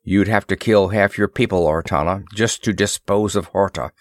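A man's voice: sits low, normal speed, dry recording, clean studio sound, close to an everyday voice. A man voicing a firm, emphatic expedition leader.

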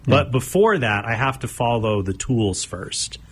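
A man who is a guest, earnestly recounting his past in a relaxed chat. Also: medium pitch, unhurried, slight background noise. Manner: reflective storytelling, earnest. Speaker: guest speaker. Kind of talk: casual chat.

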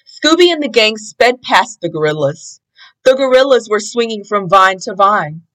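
A woman reading a children's picture book aloud in an expressive, deliberate way. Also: medium pitch, poor audio. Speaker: storybook reader.

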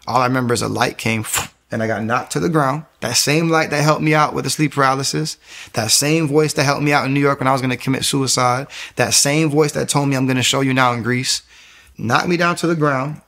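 A young man telling a personal faith story in a lively way, acting out what others said and repeating words when he gets excited. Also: medium pitch, fairly quick. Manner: animated, acts out quoted voices, repeats words when excited. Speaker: guest sharing a faith testimony.

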